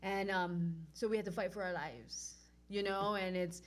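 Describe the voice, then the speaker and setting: Hawaiian lady guest telling her story, acts out old lines, goes loud then real quiet. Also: mid-range voice, fairly even intonation, normal speed. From Oahu, Hawaii. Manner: acts out her own past lines, swinging from loud to hushed. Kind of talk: animated personal storytelling.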